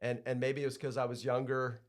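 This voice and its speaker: Male podcast guest, surf school owner, reflective, soft-spoken, casual chat. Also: mid-range voice, flat delivery, fairly quick. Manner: reflective, soft-spoken, restarts his sentences. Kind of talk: casual conversation.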